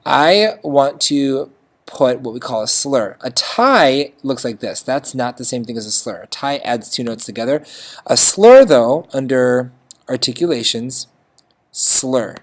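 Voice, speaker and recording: A music teacher giving a casual screen-recorded notation lesson, often checking in with "okay?" and singing short phrases of notes. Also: medium pitch. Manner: chatty, checks in with frequent "okay?", sings notes.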